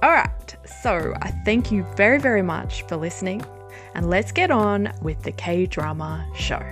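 A woman hosting a casual podcast from her home study. She talks excitedly, laughs often and swears casually. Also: fairly low pitch, a little slow, music in the background. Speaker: podcast host.

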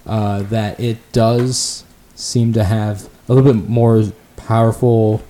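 A man narrating as game master in a tabletop game, relaxed and hesitant. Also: on the low side, slow, slight background noise.

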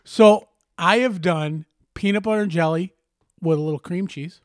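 A man co-hosting a casual comedic podcast, crude and wisecracking with loud outbursts. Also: high voice, moderate pace, no echo, studio quality. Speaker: podcast co-host.

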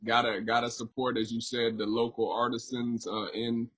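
A man's voice: medium pitch, level tone, normal speed, fairly bright tone, breathy edge. A man interviewing a guest, asking long rambling questions with many fillers. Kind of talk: conversational interview.

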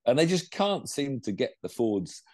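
Older man, dark dry voice. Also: mid-range voice, normal speed, dry recording. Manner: animated, rambling, lots of restarts and laughs. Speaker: co-host of a motorsport show. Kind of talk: casual roundup chat.

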